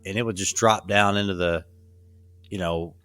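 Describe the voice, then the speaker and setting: A man's voice: deep voice, fairly even intonation, normal speed, fairly bright tone, smooth, no echo, faint music behind. A man talking casually as a podcast guest, rambling with lots of fillers. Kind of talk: casual conversation.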